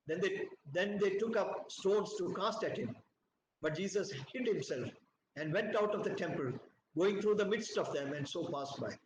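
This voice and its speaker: Man from India, high voice, earnest and emphatic, Bible study teacher, roomy echo, faint background hiss. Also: animated, moderate pace. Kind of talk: reading and explaining scripture.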